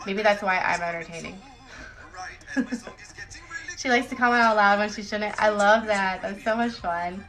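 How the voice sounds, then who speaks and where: A woman's voice: medium pitch, moderate pace, long pauses, fairly bright tone, faint music behind, rough recording. A woman author chatting casually with viewers on a phone livestream, rambling and giggly, often joking about herself.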